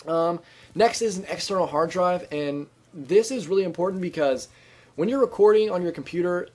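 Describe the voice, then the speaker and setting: A man talks over his own gameplay as a gaming channel host, his voice sitting a little high. He is upbeat and chatty, stumbling through restarts and filler words as he gives tips. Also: moderate pace, darkish tone. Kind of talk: casual gameplay commentary.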